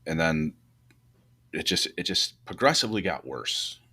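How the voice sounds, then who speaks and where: A man with a very low voice talks firefighting tactics in a loose, rambling way. He restarts his sentences often. His pitch climbs when he gets worked up. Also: expressive, a little slow, pushed and bright, slightly rough. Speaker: podcast co-host, fire truck company boss. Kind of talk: casual shop talk about firefighting.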